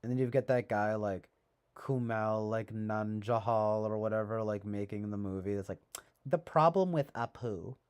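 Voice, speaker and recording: A man's voice: on the low side, level tone, moderate pace, a little mellow, smooth. A man hosting a casual livestream, rambling with lots of fillers and a sarcastic edge. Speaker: livestream host.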